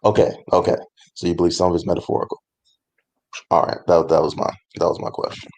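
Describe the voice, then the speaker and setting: Deep, flat-voiced man questioning. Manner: measured, questioning. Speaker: debate participant. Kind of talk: casual online debate.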